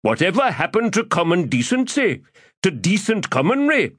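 A man's voice: sits high, very animated, moderate pace, fairly bright tone, slightly rough, no echo, clean studio sound, pitched above the performer's own voice, heavily acted. A man voicing a pompous, chubby male schemer who speaks in grand archaic phrases and calls himself by name. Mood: theatrical. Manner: grandiloquent archaic speech, refers to himself in third person. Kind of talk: audiobook character voice.

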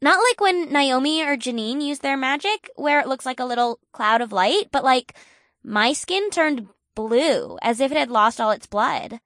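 A woman voicing an excitable young woman scientist, high bright voice, audiobook character, eager questioning, dry close sound. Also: moderate pace, no echo. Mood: wondering.

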